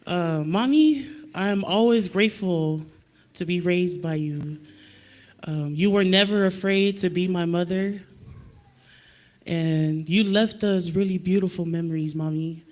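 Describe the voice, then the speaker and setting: Male congregant, high pitch, hesitant halting tribute. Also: darkish tone. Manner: hesitant, with frequent pauses. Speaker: church member giving a Mother's Day tribute. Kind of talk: spoken tribute at church.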